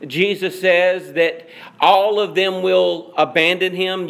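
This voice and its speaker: A male pastor preaching a sermon in a slow, deliberate, emphatic way. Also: sits high, gravelly, a bit bright.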